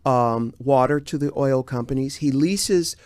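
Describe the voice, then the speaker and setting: Chatty man, halting with fillers, dry sound. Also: medium pitch, darkish tone, clean tone, no room sound. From San Diego, USA. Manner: halting, many fillers and restarts. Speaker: guest. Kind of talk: casual interview chat.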